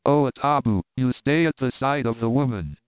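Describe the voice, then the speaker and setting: Bold, steady jungle hero read by a man, mid pitch, dry phone-like sound. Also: normal speed, smooth, no echo, natural voice. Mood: commanding.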